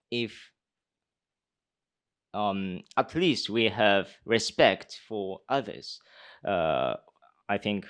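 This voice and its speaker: Slow, hesitant young man. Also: fairly low pitch, smooth. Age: young adult. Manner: hesitant, many uh and um fillers, restarts. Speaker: speech contestant answering judges. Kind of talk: unscripted answers to questions. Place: conference hall.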